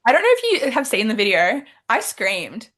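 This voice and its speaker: Animated young Australian woman telling a story. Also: a little high, moderate pace. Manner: animated storytelling, quoting her own thoughts. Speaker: pageant titleholder guest. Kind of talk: casual interview chat.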